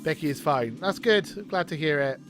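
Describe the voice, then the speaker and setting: A young Welshman rambling excitably in casual live commentary as he watches a wrestling show. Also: fairly high pitch, a little fast, soft background music. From Wales. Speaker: streamer.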